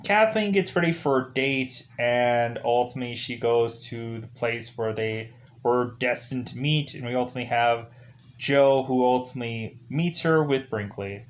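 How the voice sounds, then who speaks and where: A man's voice: mid-range voice, normal speed. A man reviewing a movie in a casual, rambling way, leaning on fillers like "like" and "ultimately". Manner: rambling, heavy use of "like" and "ultimately".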